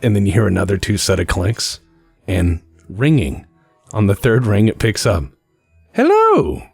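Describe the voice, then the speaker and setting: A man narrating a tabletop role-playing game as the game master in a casual, lively way. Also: fairly low pitch, moderate pace, creaky, slightly rough, no room sound, soft background music.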